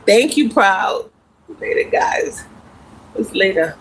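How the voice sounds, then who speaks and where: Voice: mid-range voice, lively intonation, takes it slowly, a bit bright, a little hiss or hum, low-quality recording. A speaker in their forties, rambling casually on a live stream while walking and exercising outdoors, talking into a handheld phone. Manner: chatty and meandering, talks while walking and exercising. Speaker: livestreamer.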